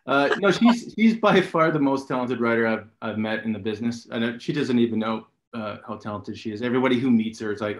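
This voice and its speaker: A man's voice: mid-range voice, quick pace, slight background noise. A man speaking as an interview guest, joking and self-deprecating as he tells stories. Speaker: guest, art director. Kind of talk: casual interview. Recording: roomy echo.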